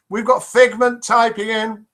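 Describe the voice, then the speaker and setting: On a low-quality recording, a high-sitting, fairly bright male voice belongs to an older UK man running a live show. He chats and jokes while reading out comments from his viewers.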